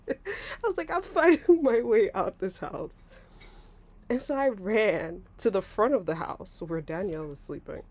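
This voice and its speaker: Animated woman telling a storytime. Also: no echo. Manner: animated, laughing, acts out voices with big pitch jumps. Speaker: vlogger. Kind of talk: casual storytime.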